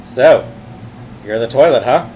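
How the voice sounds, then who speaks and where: A man's voice: mid-range voice, expressive, unhurried, dark tone, slight background noise, rough recording. A man playing a video game on his channel, reacting wryly and swearing casually. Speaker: let's play host. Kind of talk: casual gameplay commentary.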